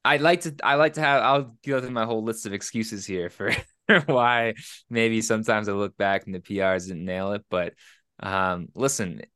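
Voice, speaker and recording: A man's voice: lowish voice, steady tone, normal speed, a bit bright, clear, resonant tone, no room sound, studio quality. A man in casual conversation, joking about himself in a self-effacing way. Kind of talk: casual chat.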